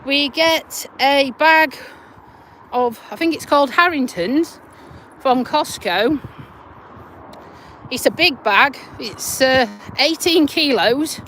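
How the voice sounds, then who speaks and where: On an urban dog walk, a woman talks into the phone in her hand for a live stream, relaxed and unpretentious, with some cursing. Her voice is high and a bit bright. The audio is low quality, with a little hiss or hum.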